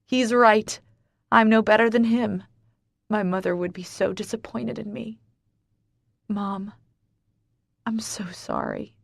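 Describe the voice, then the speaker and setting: A woman's voice: medium pitch, fairly even intonation, slow, gravelly, pauses often, dry recording, studio quality. A woman narrating a romance audiobook in the first person, intimate and dramatic.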